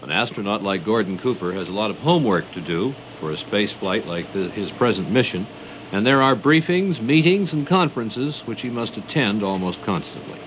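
Male news narrator, formal, lively intonation, light tape noise. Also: lowish voice, moderate pace. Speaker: news reporter.

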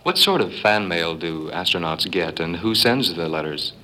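Deep-voiced male reporter, crisp bright timbre, friendly questions. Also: animated, moderate pace, low-quality recording. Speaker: interviewer. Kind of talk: broadcast interview.

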